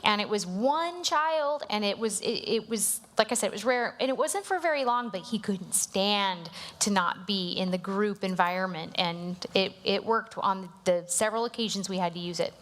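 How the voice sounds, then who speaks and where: A woman's voice: mid-range voice, lively intonation, fairly bright tone. Middle-aged woman co-teaching a parenting class. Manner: conversational, backs up her co-teacher with quick agreement. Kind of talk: live church class talk.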